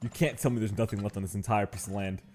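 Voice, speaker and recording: A man's voice: lowish voice, fairly even intonation, fast talker, darkish tone, faint music behind. Joking man narrating a game. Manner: joking, playfully mock-angry, bosses his game workers around. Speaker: gaming channel host. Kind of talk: casual let's-play commentary.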